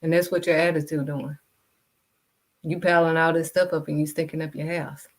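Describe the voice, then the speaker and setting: A woman vlogger who also teaches kids' modeling gives a blunt, scolding faith talk straight to camera, refusing to sugarcoat anything. Her voice is low-pitched and level, at a moderate pace.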